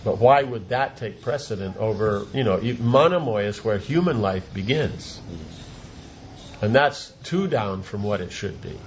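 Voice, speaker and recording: A man's voice: fairly low pitch, animated, unhurried, dull audio, a little hiss or hum. A man giving an informal religious talk as a teacher, rambling, repeating words and asking rhetorical questions. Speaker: spiritual teacher.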